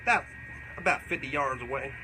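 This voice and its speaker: A man's voice: mid-range voice, a little fast, background noise, lightly acted. A man playing a profane, rambling, boastful older backwoods man in a live comedic question-and-answer. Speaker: comedic character.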